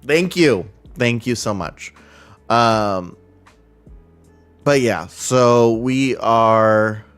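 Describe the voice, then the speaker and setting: A man in his thirties chatting casually on a live stream, heartfelt and halting, with frequent fillers and restarts. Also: lowish voice.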